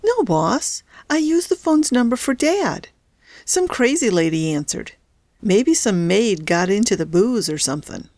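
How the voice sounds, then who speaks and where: A woman's voice: medium pitch, very animated, a little slow, darkish tone, no room sound. A woman voicing a nervous, bumbling male kidnapper who gets flustered easily. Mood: uneasy.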